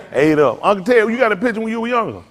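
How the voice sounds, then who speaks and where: A man's voice: high-pitched, sing-song, fairly quick, long reverb tail. An older man, a pastor, teasing a group and telling funny stories in a loose, joking way. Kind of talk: comedic storytelling to a group.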